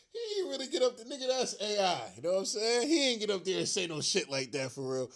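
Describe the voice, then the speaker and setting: A sports rant vlogger, upset and frustrated, fires off a fan rant on his own show in a high, fairly bright, creaky voice with huge pitch swings and a fairly quick pace. He is profane and slangy, repeats himself, and laughs in disbelief.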